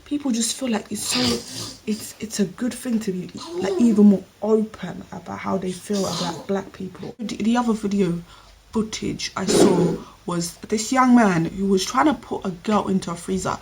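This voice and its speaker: A woman's voice: mid-range voice, moderate pace, background noise. A woman giving opinion commentary on her vlog, talking emphatically and straight to her viewers. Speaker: vlogger.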